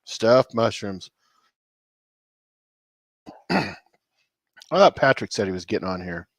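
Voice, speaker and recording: A man's voice: lowish voice, sing-song, takes it slowly, vocal fry, no room sound. Laid-back man chatting on a livestream. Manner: laid-back, rambling, chuckling often. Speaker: cooking channel host on a livestream. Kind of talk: casual livestream chat.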